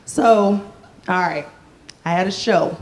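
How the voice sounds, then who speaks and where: A woman's voice: medium pitch, slow, darkish tone, a little hiss or hum. A woman performing a stand-up comedy set. She is playful and self-mocking, and she acts out the voices of the people in her stories.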